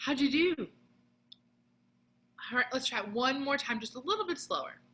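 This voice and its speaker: A woman teaching a children's music lesson on video, explaining each step patiently and clearly with sung demonstrations. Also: sits high, expressive, normal speed, bright, forceful tone, rough recording.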